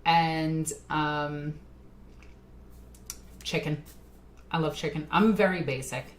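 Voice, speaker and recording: A woman's voice: low voice, fairly even intonation, slow pace, slight background noise. A tipsy woman streamer chatting casually with her live chat, rambling and laughing often.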